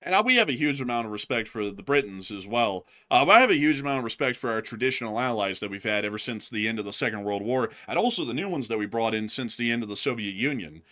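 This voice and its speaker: Fast-talking bright American man. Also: medium pitch, expressive. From United States. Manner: rambling, chatty, emphatic. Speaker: news channel co-host. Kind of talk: casual livestream chat.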